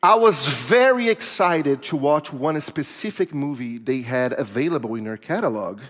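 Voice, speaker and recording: High-voiced preacher in an echoing hall. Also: male voice. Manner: animated, self-mocking, laughing storyteller. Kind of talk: sermon with a personal story. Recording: long reverb of a large hall.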